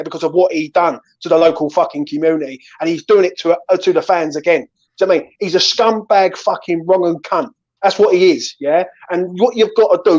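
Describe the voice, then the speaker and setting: A man hosting a fan channel, ranting and swearing in an angry chat after a match. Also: high-pitched. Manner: ranting, swearing, keeps saying "right?" and "mate". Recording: slightly dull lo-fi sound.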